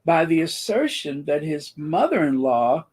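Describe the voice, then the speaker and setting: A man's voice: fairly high pitch, big pitch swings, a little slow, darkish tone, husky. A man hosting a commentary channel, talking in a sarcastic, rambling monologue full of fillers and restarts.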